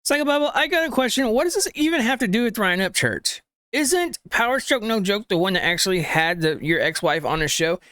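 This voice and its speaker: A man's voice: sits high, animated, fairly quick, bright, forceful tone, smooth, no room sound, clean studio sound. Scolding reaction-video host, man. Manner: scolding, rhetorical questions, informal grammar. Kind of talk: reaction commentary.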